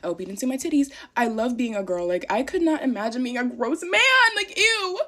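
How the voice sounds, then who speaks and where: A woman's voice: fairly high pitch, expressive, fast, a little mellow. A young woman ranting casually to camera, irritated and dramatic, swearing often. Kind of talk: casual vlog rant.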